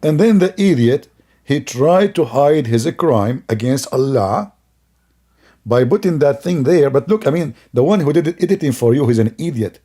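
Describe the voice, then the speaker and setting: A man's voice: fairly high pitch, expressive, normal speed, warm tone. A man giving sarcastic, scornful commentary on a video, laughing often as he mocks it.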